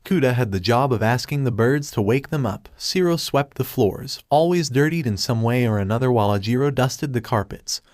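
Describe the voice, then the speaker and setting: Guy reading fanfic aloud, steady, dry close mic. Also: medium pitch, normal speed, few pauses, dry recording. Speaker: narrator. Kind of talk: fan fiction reading.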